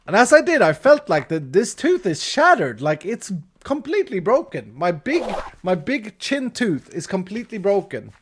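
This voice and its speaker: A Swedish man in his thirties tells a story in English while gaming on a live stream, his high voice unhurried with a breathy edge. He's animated, restarting sentences and laughing as he goes.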